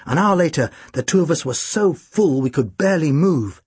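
A man narrates an audiobook in a wry, deadpan first person. His voice is somewhat high and husky, with a lively, expressive melody. The recording is close and dry, with no room echo. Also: moderate pace.

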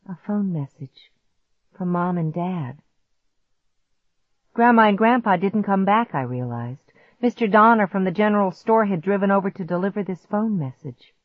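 A woman's voice: on the low side, no echo. A woman narrating a first-person suspense story in a dramatic reading style, in dry, slightly dull lo-fi audio.

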